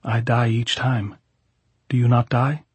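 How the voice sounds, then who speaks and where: A man's voice: medium pitch, little pitch movement, unhurried, breathy edge, no echo. A man reading as an adoring young woman. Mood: tender. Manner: earnest, soft, old-fashioned speech.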